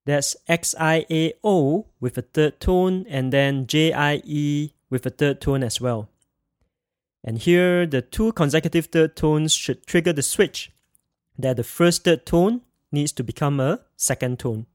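A man teaching a pronunciation lesson, spelling sounds out and having the listener repeat each word after him with slow, careful enunciation. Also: on the high side, a little mellow, no echo, clean studio sound. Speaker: language teacher.

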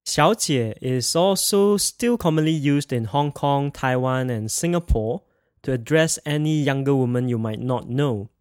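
A man teaching a pronunciation lesson, spelling sounds out and having the listener repeat each word after him with slow, careful enunciation. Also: medium pitch, darkish tone, no room sound, studio quality. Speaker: language teacher.

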